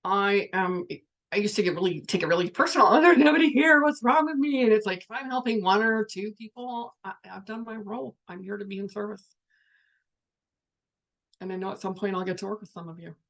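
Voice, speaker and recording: A woman's voice: mid-range voice, fairly even intonation, fairly quick. Frank, chatty woman on a livestream. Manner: frank and chatty, reads viewer comments aloud. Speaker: spiritual coach. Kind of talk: casual livestream talk.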